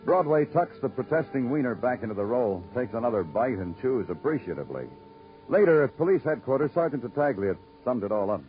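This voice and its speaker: A man's voice: medium pitch, very animated, brisk, dull audio, natural voice. A man playing a dry, sardonic detective. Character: weary wisecracking male police detective. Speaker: narrator. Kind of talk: 1950s radio drama narration. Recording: old radio recording with music.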